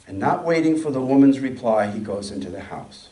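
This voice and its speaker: A man at a mid pitch tells a story slowly and steadily during a sermon. His voice echoes through a large room and sounds distant from the microphone. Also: expressive, a little mellow. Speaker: speaker. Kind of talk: sermon with a read-aloud story.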